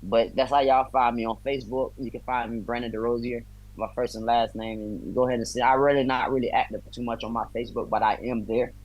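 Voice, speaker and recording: A man's voice: medium pitch, little pitch movement, fast talker, dull audio. A man, a bare-knuckle fighter from the US, chatting as a guest on a video call, friendly and talkative, with loose slang. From United States. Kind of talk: casual interview chat.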